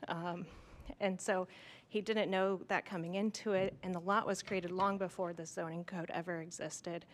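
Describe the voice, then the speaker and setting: A woman giving public comment as a neighbor at a town meeting, speaking warmly and sincerely in support. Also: lowish voice, steady tone, moderate pace. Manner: heartfelt, warm toward her neighbor. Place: town hall meeting room.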